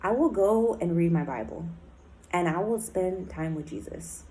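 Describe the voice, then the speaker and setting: A woman's voice: on the low side, moderate pace, warm tone, low-quality recording. A woman in a recovery program speaking in a candid personal diary talk, blunt and emotional, swearing often and filling her speech with "like" and "um".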